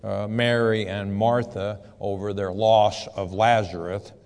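A man's voice: on the low side, little pitch movement, a little slow, a little mellow, in a large hall. A man teaching scripture verse by verse, reading each passage and then explaining it in plain words. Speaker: preacher.

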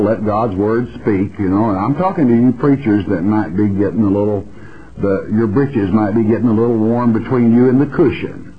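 Folksy, emphatic male Bible teacher. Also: lowish voice. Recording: dull lo-fi broadcast audio.

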